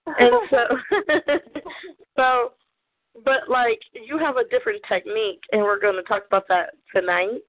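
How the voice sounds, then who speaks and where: Southern woman host, bubbly and chatty, slightly high voice, tinny phone line. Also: steady tone, a little slow. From American South. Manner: bubbly, laughs often, chatty. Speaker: radio show host. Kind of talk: casual call-in radio chat.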